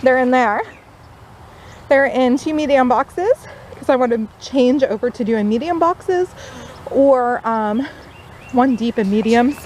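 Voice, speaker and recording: A chatty woman talks through her beekeeping on a camera mic outdoors. Her voice sits a little high, with lots of easy fillers. Faint insect buzzing and outdoor noise run behind her. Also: a little slow, pauses often, darkish tone. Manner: chatty, upbeat, uses many fillers. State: out of breath. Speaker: new beekeeper. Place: outdoors by beehives.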